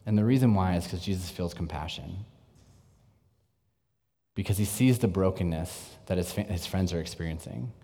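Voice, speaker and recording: A man preaching a sermon in an earnest way, moving between lively bursts and hushed, intense passages. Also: sits low, moderate pace, long pauses. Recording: long reverb, echoey hall.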